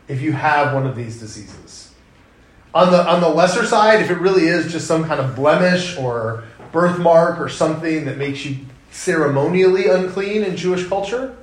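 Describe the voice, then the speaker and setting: A man in his thirties delivers a sermon in a loose, conversational way, turning animated when he tells stories. His voice sits a little high for a man. The sound carries the reflections of a large, echoey church room. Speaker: pastor.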